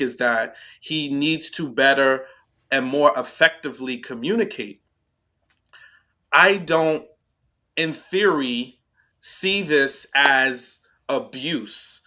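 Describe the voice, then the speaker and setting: A man's voice: medium pitch, pushed and bright. A man co-hosting a podcast, reacting to a reality show in casual discussion, who keeps checking in with "right?" and "you know?". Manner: talks it through, tags points with "right?" and "you know?". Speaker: podcast co-host.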